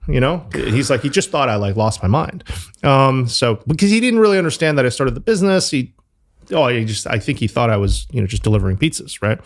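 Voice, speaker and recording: A company founder talking loosely as an interview guest, full of fillers and the odd swear word. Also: male voice, mid-range voice, big pitch swings, quick pace. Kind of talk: casual interview talk.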